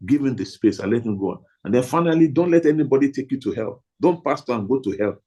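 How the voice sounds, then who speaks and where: A man's voice: medium pitch, animated, quick pace, mellow, husky, poor audio. A man leading a training talk for pastors, emphatic and repetitive, leaning hard on single words.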